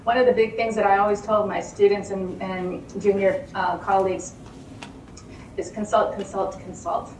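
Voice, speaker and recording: A woman's voice: mid-range voice, normal speed. Chatty woman speaking in a roomy hall. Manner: animated, chatty, with repeated words and rhetorical questions. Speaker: lecturer speaking to a live audience. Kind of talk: conversational presentation. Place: meeting room with an audience. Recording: roomy hall, distant mic, faint room noise.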